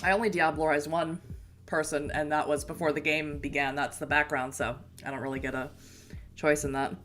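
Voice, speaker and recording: A woman's voice: sits low, level tone, brisk, a bit bright, slight background noise. A woman streamer giving casual, chatty commentary while playing a game, rambling through explanations.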